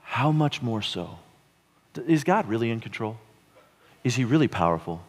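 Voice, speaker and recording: Preacher in an echoing hall. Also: male voice, medium pitch, very animated, husky. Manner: storytelling, chuckling, halting restarts. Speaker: pastor. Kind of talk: sermon. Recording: long hall reverb.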